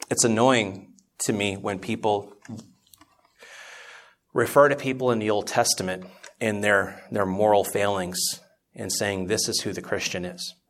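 A man's voice: fairly low pitch, a bit bright. A man preaching in a church Bible class, telling a story conversationally and growing more impassioned as he teaches, often restarting his words. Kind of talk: sermon-style Bible teaching.

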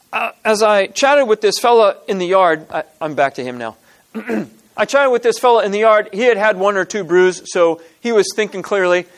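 A man with a rather high voice speaks to a group in a loose teaching style. He restarts his sentences often, clears his throat between points and presses his listeners with rhetorical questions. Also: lively intonation, normal speed. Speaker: speaker at a church teaching session. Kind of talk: informal teaching talk.

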